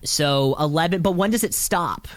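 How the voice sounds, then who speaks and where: A man's voice: on the high side, moderate pace, no echo. A young man co-hosting a podcast, chatting casually in a rambling, joking way. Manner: rambling, jokey, many fillers. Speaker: podcast co-host. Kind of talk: casual chat.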